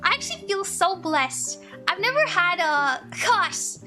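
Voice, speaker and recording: A woman's voice: extremely high pitch, very animated, a little slow, pushed and bright. A young woman reading tarot cards live for her chat, gushing and emotional, laughing often as she talks to viewers. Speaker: livestream tarot reader. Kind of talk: casual livestream chat. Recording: faint music behind.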